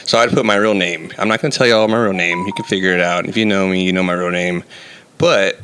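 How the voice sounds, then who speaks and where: A young man with a lowish, bright, forceful voice chats loosely as a comedian guest. He laughs often and pokes fun at himself. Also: fairly even intonation, quick pace, a little hiss or hum. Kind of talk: casual chat.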